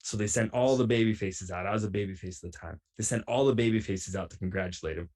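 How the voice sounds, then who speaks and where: Talking fast in a voice on the low side, a pro wrestler appearing as a guest animatedly recounts a story from the road, performing everyone else's lines himself.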